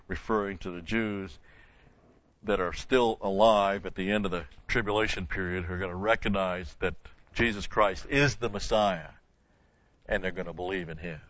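A man's voice: on the low side, fairly even intonation, normal speed, bright, forceful tone, no echo, highs cut off. A man teaching a verse-by-verse Bible lesson, asking the class questions and answering them himself, stressing key words with emphatic repetition.

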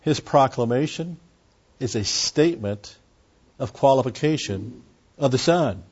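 A man's voice: mid-range voice, animated, measured pace, a little mellow, slightly rough, muffled recording. A man preaching an expository sermon in a conversational way, with frequent asides and restarts. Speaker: pastor.

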